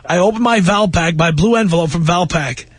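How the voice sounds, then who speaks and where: A man's voice: sits high, brisk, husky. A man hosting a radio talk show from a studio, chatting casually and laughing often. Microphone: studio microphone.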